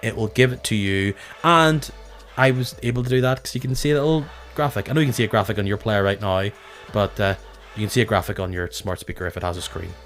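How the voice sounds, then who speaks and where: A man hosting a casual podcast, chatty and self-mocking with lively asides. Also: on the low side, fast talker, faint music behind. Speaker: podcast host.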